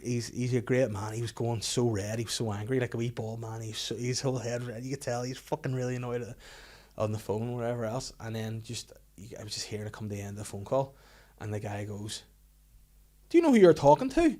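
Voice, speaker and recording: A man with a Northern Irish accent telling funny stories in casual podcast chat, animated and often laughing. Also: mid-range voice, fast. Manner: animated, laughing storyteller with lots of restarts. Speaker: podcast co-host.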